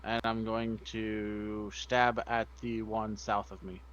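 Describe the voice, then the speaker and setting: A man playing a tabletop game, giving brief, unhurried replies. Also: on the low side, level tone, a bit bright, muffled recording. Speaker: player. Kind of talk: casual tabletop game chat.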